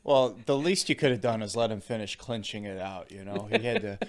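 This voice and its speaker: A man hosting a podcast, chatting casually with quick interjections and frequent laughter. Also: mid-range voice, sing-song, creaky, crowd noise. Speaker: podcast host. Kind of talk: casual conversation.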